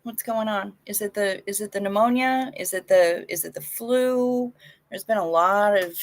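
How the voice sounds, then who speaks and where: A woman's voice: mid-range voice, moderate pace. A woman hosting a casual live stream, chatting frankly with viewers and swearing now and then, sounding anxious.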